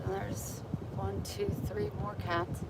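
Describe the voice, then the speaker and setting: A woman's voice: medium pitch, flat delivery, slow pace, heavy background noise. A woman vlogging on her phone, talking frankly to her viewers and cooing at cats. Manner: cooing baby talk to cats, then frank venting to viewers. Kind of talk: casual vlog chat. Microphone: phone held in hand.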